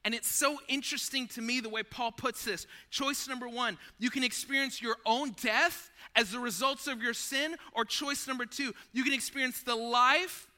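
A male pastor preaching a sermon in a conversational, animated way, talking to listeners as friends and acting out scenes from a story. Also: very high voice, normal speed, hardly any pauses.

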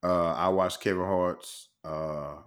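Dude on a podcast, tells stories, acts out what people said, laughs a lot. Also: male voice, low voice, takes it slowly. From Shreveport, Louisiana. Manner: animated storyteller, acts out quotes, laughs often. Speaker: podcast co-host. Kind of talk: casual chat.

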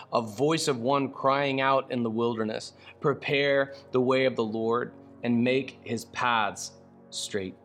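Man, mid-pitched, animated and slangy Bible teacher who reads scripture and laughs at his own asides; faint music underneath.

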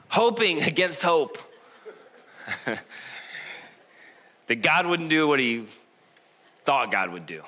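A man's voice: mid-range voice, bright, forceful tone. A man preaching a conversational sermon as a pastor, retelling a Bible story with humor and chuckles.

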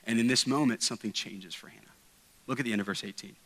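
A man preaches a sermon with a bright, forceful edge to his voice. He talks earnestly and emphatically, circling back on his words and dropping in casual asides as he teaches. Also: mid-range voice, fast, low-quality recording. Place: church sanctuary.

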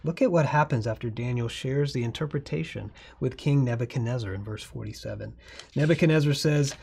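Man, husky gravelly pastor, earnest conversational sermon delivery, loose with fillers. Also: medium pitch, fairly quick, darkish tone. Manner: earnest, conversational preaching with frequent fillers and restarts.

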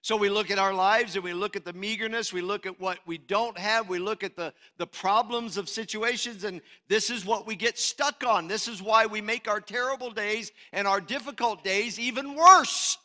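Male pastor, high bright voice, dynamic preaching delivery from hushed to booming. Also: steady tone, normal speed, hardly any pauses. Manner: swings from hushed to loud, preacherly. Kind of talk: sermon.

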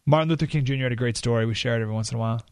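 A man hosting a talk radio show, telling a story in an animated way and jumping his voice up when he acts out what people said. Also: medium pitch, very fast, clear, resonant tone, dry recording, studio quality.

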